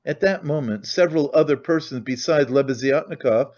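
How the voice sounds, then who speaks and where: A man narrating a classic novel in a measured, dramatic way. His voice sits a bit high for a man. The recording is dull and lo-fi. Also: darkish tone. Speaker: audiobook narrator.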